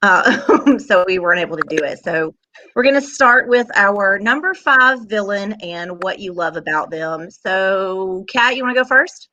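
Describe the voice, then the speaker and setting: A woman hosting a casual chat, talkative and quick to laugh. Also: mid-range voice, animated, bright, forceful tone, highs cut off. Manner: chatty, laughs often, multitasking. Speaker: host.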